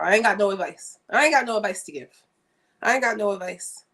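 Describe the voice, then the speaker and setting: A young woman talks fast in a mid-range, fairly bright voice with lively intonation while chatting casually on her livestream. She's frank and animated and keeps repeating things for emphasis. Her streaming setup captures the audio.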